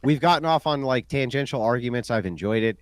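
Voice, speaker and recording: A man's voice: mid-range voice, quick pace, slight background noise. A man in a heated online debate, mocking his opponents and repeating his points insistently. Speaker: debate guest.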